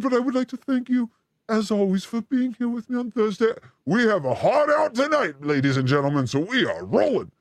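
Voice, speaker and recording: A man hosts a comedy live stream with playful, theatrical energy. His voice leaps from high squeaks to low growls within a few words, and it sounds close and dry with no room around it. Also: vocal fry, no room sound. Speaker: show host.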